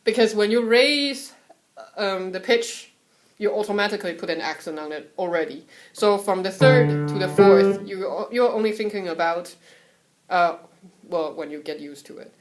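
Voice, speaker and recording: A young woman from Taiwan giving a casual, chatty lesson on Mandarin tones at home, sometimes singing syllables to show the pitches. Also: normal speed. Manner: relaxed, chatty, breaks off to soothe her cat; sings syllables and solfege to demonstrate tones. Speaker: Mandarin tone teacher.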